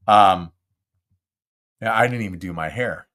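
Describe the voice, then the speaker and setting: An older man from Southern California hosts his own live podcast, close on a studio mic. His voice sits a little low, and he chats in an animated, self-mocking way. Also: unhurried. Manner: chatty and animated, self-deprecating. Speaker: podcast host. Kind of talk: casual live podcast chat. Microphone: close studio mic with windscreen.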